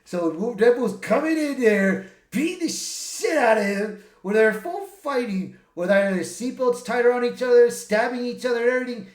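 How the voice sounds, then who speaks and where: A man giving a casual spoiler review of a film, retelling the plot in an excitable, rambling way with many restarts and swearing. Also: very high-pitched, moderate pace, hardly any pauses. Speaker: movie reviewer. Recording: echoey room.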